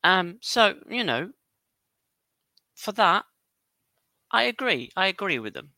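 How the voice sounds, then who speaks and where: A man co-hosting a casual football podcast, animated and laughing often as he reads a document aloud. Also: high voice, takes it slowly, no room sound. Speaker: podcast co-host.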